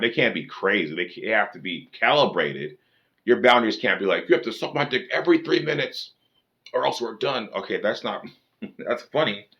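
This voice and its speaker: Deep voice guy ranting about dating, blunt and sweary, kinda muffled recording. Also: bright, forceful tone. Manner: blunt, profane, lecturing. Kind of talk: casual rant to camera.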